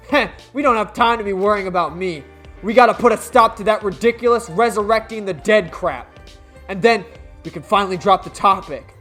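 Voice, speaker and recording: A man voicing a brash, boisterous young male astronaut hothead who shouts and stammers when flustered. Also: high voice, moderate pace, faint music behind. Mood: strained bravado.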